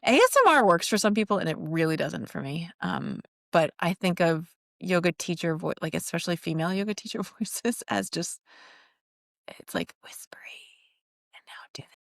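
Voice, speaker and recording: Candid, low-voiced woman podcast host. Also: expressive, vocal fry, dry recording, clean studio sound. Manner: candid, self-deprecating, halting restarts. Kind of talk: casual chat.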